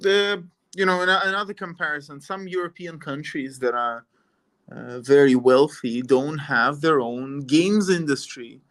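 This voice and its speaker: Podcast host, male, from Italy, slightly higher voice, loose rambling talk. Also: unhurried, a bit bright. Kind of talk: casual podcast chat.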